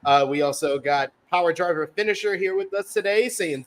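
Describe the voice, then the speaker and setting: A man's voice: high voice, a little fast. A man hosting a casual wrestling review podcast, reading viewer chat messages aloud in a chatty way. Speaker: podcast host. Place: based in the UK.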